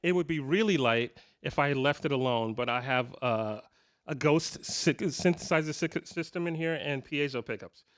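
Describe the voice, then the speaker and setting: Speaking at medium pitch and normal speed, a fiftysomething man entertains a live crowd in a guitar shop clinic room. His casual stories ramble, poke fun at himself and keep restarting.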